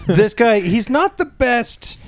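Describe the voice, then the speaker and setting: A man's voice: very high-pitched, sing-song, slow, a little hiss or hum. A man co-hosting a casual movie review chat, laughing often, swearing and acting out quotes. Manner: laughing, profane, acts out quotes. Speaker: podcast co-host.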